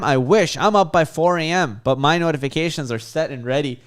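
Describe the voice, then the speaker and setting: A man's voice: on the high side, fairly quick, hardly any pauses, clean tone. Hyped man hosting a coding livestream. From Chicago. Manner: hyped, reads viewer comments aloud. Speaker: livestream host. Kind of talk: casual livestream chat.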